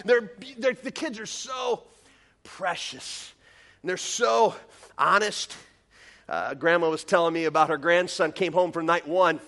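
Middle-aged guy pastor preaching, high bright voice, goofy self-mocking stories. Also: a little slow. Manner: animated, self-deprecating, jumps into high voices for comic quotes. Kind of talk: sermon with storytelling.

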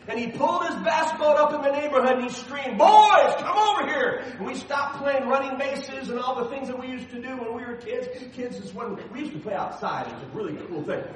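A middle-aged man preaching a sermon as the pastor, telling personal stories with animated, self-deprecating humor. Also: very high-pitched, heavy reverb, far from the mic, slight background noise, low-quality recording.

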